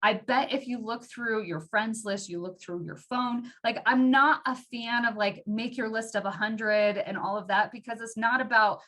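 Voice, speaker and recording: A woman's voice: a little high, fairly even intonation, moderate pace, hardly any pauses, a bit bright. A woman giving a casual sales training talk, chatty and full of "like" fillers. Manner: chatty, uses many "like" fillers, acts out customer voices. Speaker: team trainer.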